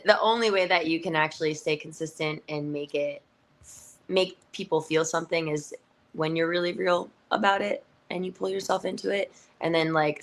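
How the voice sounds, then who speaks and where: With a deep voice, a young adult female pro wrestler chats as an interview guest in a casual setting. She talks animatedly, laughing often and using many fillers.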